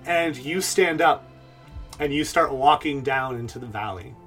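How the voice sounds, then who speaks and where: A man runs a tabletop game and narrates the scene at an easy pace, filling gaps with little pauses. His voice sits in a middle range, with faint music under it. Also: medium pitch. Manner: relaxed, with many "uh" pauses. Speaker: game master.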